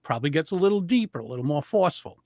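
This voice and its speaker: Animated higher-voiced male speaking coach. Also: rapid-fire, gravelly, dry recording, studio quality. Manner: animated, demonstrates vocal intonation. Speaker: guest public speaking coach. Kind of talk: explanatory coaching talk.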